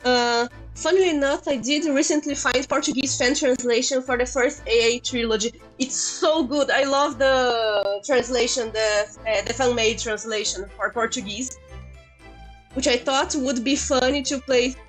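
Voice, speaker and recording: High-voiced woman streamer chatting. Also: fairly even intonation, normal speed, faint music behind, poor audio. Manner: chatty, laughs at herself. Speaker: VTuber streamer. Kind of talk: casual game commentary.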